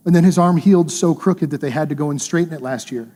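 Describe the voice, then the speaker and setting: A male pastor preaches in an earnest, conversational manner and drives his points home with repetition. His voice is fairly high for a man, with a mellow, warm tone. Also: fast talker. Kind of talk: sermon.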